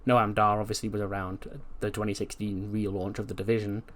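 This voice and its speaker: A man's voice: fairly low pitch, flat delivery, brisk. A man hosting a casual let's-play commentary in a laid-back way, swearing now and then. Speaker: gaming video host.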